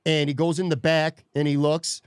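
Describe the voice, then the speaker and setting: A man's voice: on the high side, little pitch movement, moderate pace, clear, resonant tone, no echo, clean studio sound. A man hosting a podcast, telling a story in a profane, worked-up way. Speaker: podcast host. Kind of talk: casual podcast rant.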